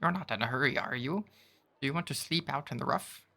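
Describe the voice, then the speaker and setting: A man voicing a tiny, clingy male minimite creature with a high, chirping squeak. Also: brisk, bright, forceful tone. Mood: wheedling.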